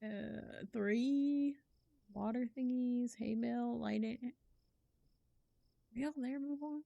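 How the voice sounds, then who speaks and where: A woman's voice: on the high side, slow, vocal fry, mellow, dry recording, dull audio. A young woman streaming a horror game, chatting casually to her viewers, slangy and swearing, shrieking when startled. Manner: talks to chat, slangy and swears. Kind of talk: casual live-stream commentary.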